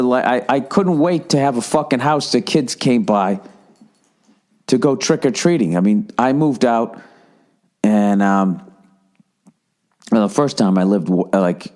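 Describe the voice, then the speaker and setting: A man in his forties ranting through a casual comedic monologue as a podcast host, swearing heavily and jumping up in pitch. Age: 40s. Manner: ranting, heavy swearing, animated rises in pitch.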